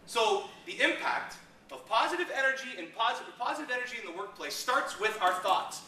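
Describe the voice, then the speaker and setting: His voice is very high and he talks fast, with slight noise behind him. This middle-aged man delivers a lively motivational seminar talk in an echoey seminar room, voicing little scenes loudly as he goes, picked up by a distant mic.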